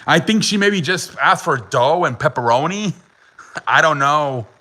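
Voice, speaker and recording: A man's voice: fairly high pitch, animated, measured pace, bright, forceful tone, rough recording. A young man telling a story as a podcast host, casual and chatty, laughing often and swearing, with lots of "like" fillers.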